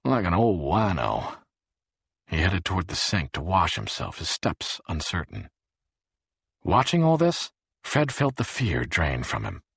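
A man narrating an audiobook in a dramatic, expressive way. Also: low voice, gravelly, slightly rough, no echo, studio quality. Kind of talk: scripted narration.

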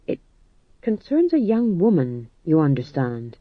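A man's voice: a little high, wildly swooping pitch, a little slow, dry recording, narrow, tinny audio, exaggerated voice. A man voicing a fussy, polite young male king in an audiobook reading. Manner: prim, plaintive. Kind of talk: audiobook narration.

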